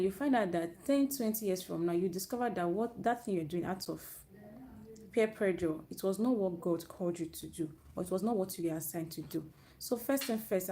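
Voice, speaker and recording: A woman's voice: on the low side, warm tone, a little hiss or hum. A woman giving an earnest, motivational faith talk to young people on a live stream, often restarting her phrases as she goes. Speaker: youth speaker. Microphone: live stream, own network.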